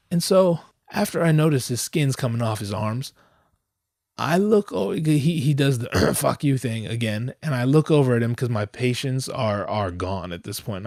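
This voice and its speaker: A man hosts a podcast and tells a comic story, full of swearing and street slang. His voice sits at an ordinary middle pitch. It shoots up in loud bursts, then drops into low, quiet asides. The sound is close and dry, with no room echo. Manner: profane, slangy and animated, swinging between loud outbursts and low asides. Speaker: podcast host.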